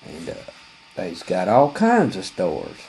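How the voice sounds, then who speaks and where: Husky rambling man. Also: deep voice, wildly swooping pitch, slow, a little mellow, poor audio. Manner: folksy, profane, rambling with many fillers. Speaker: comedian telling a story. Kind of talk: rambling comic storytelling.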